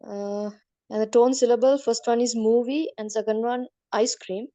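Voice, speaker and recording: A woman's voice: a little high, steady tone, normal speed, mellow, dry recording. A woman student politely reading out her answers in an online class, hesitant and full of fillers.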